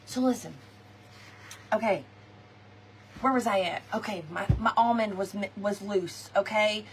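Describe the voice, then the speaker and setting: A woman hosting a craft livestream, telling a story to her viewers in an animated, chatty way and calling them y'all and girl. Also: medium pitch, measured pace, recorded from a distance, a little hiss or hum. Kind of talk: casual storytelling chat with viewers.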